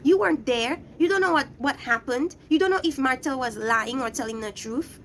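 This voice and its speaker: A woman's voice: high voice, moderate pace, slight background noise. A young woman recapping a reality show in a blunt, scolding rant, talking straight at the people she criticizes. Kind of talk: ranting show review.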